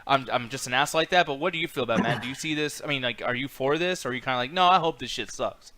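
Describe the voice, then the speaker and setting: Fast-ranting, bright-voiced man. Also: medium pitch, no echo. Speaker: podcast co-host. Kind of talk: casual chat.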